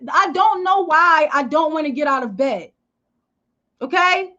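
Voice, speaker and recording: High-voiced animated woman livestreaming. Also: unhurried, highs cut off. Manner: animated, emphatic, repeats "okay?" and "you know". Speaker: livestream host. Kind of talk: casual live-stream talk. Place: living room at home.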